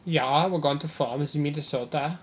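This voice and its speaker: A man's voice: on the high side, moderate pace. A man casually commenting on a strategy game as he plays, thinking aloud with mild sarcasm. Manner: musing aloud, mildly sarcastic. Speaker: gameplay commentator.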